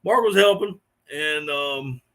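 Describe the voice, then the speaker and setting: A middle-aged man chats casually with his live-stream viewers. His voice sits a little high, and he rambles through his stories with frequent chuckles. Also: slow, a bit bright. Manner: rambling storyteller, chuckling often.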